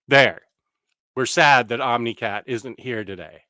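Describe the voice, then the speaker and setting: Man, livestream host, bright and clear, rambling, self-interrupting chatter. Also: medium pitch, animated, takes it slowly, pauses often, no echo, clean studio sound. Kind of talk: casual live-stream chat. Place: home room.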